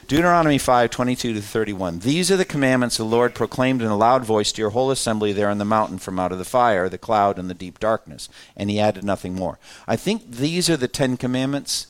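A man leading a Bible class, reading scripture aloud with lively emphasis, then pausing to explain and put questions to the group in a conversational way. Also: on the low side. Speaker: Bible study teacher.

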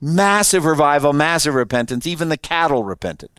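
A man's voice: on the high side, animated, a little fast, fairly bright tone, clear, resonant tone, no echo, clean studio sound. A man preaching a sermon in a conversational way, laughing often and asking his listeners questions. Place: room with an audience.

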